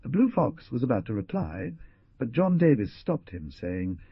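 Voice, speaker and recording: A man narrating an adventure audiobook in an expressive storytelling manner. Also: medium pitch, moderate pace, creaky, husky, no echo. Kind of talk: scripted narration. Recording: dull dry lo-fi.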